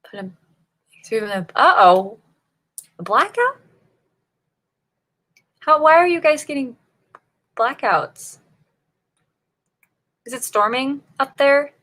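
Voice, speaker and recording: A woman's voice: high voice, lively intonation, slow, pauses often, bright, forceful tone. A woman from Northern Virginia, hosting a writing-sprint livestream and chatting casually with viewers, laughing often as she reacts to chat. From Northern Virginia, USA.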